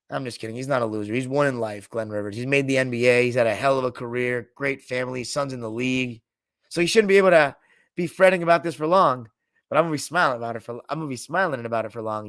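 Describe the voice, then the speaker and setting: This sports podcast host has a somewhat bright mid-range voice, captured cleanly in studio quality without echo. He chats casually and jokes with his live chat, cursing freely and occasionally imitating coaches.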